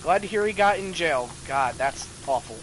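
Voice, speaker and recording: Young man, streamer, casual gaming chat, lively pitch swings, swears, faint background noise. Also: moderate pace, poor audio. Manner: animated, swears freely, reads chat aloud.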